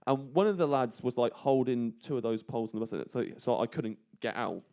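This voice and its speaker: A man telling a long, rambling story in a studio, his voice mid-pitched and unforced. The room around him is quiet. He drops lower and softer when he quotes others. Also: brisk, smooth. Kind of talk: casual radio chat, anecdote. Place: radio studio. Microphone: studio microphone.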